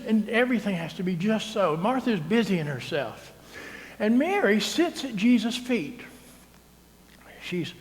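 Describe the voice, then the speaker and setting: A male priest, preaching a sermon in a chatty, teasing way and often asking "right?". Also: high-pitched. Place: church sanctuary. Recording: long church reverb.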